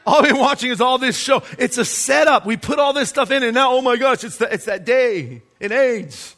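Man, pastor preaching a sermon, high voice, emphatic, rhetorical questions. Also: animated, normal speed, fairly bright tone.

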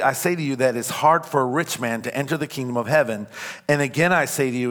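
A man preaching a sermon in church, emphatic, with call-and-response lines that rise to shouts on key points. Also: a little high. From California. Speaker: pastor. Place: church sanctuary.

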